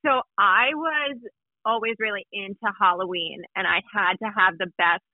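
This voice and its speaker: A woman's voice: medium pitch, normal speed, no room sound, phone-quality sound. A young woman in casual chat, telling an embarrassing story about herself with self-mocking humor.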